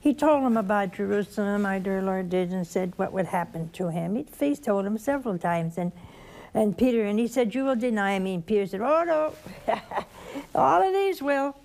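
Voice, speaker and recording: A woman with a Southern accent and a medium-pitched voice preaches a sermon, telling the story slowly and with animation. At times she drops to a soft whisper.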